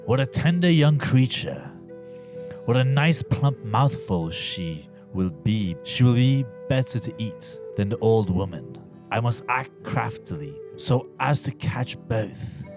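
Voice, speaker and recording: A man's voice: medium pitch, expressive, slow, over music. A man voicing a sly, crafty male wolf in a fairy tale, reading it aloud for laughs in a mock-British manner.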